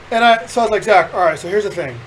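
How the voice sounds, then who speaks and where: A man with a notably high voice hosts a casual podcast, telling a rowdy story with lots of swearing and laughter. His delivery is animated and loose, like chatting with friends. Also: a little hiss or hum, rough recording. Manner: animated, profane storyteller who laughs through the punchlines. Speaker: podcast host.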